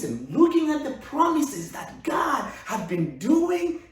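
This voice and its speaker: A man preaching a sermon as pastor, swinging between loud exclamations and hushed, intimate speech. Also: very high-pitched, wildly swooping pitch, takes it slowly. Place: church sanctuary. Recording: echoey room, far from the mic.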